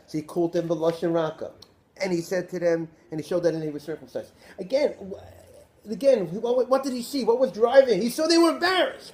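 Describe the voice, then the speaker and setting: A man, a rabbi, giving a Torah class lecture in an animated way, posing rhetorical questions to his listeners. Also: high voice, a little fast.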